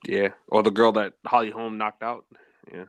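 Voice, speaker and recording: A man's voice: fairly low pitch, level tone, moderate pace, no echo. A man co-hosting a casual wrestling podcast, easygoing and making brief remarks. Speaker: podcast co-host.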